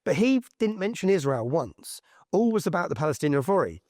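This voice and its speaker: A man's voice: a little high, very animated, quick pace, a little mellow, no room sound, clean studio sound. A man, an interview guest telling personal stories in an emphatic, slangy way, often tagging on "yeah?". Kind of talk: animated personal storytelling in conversation.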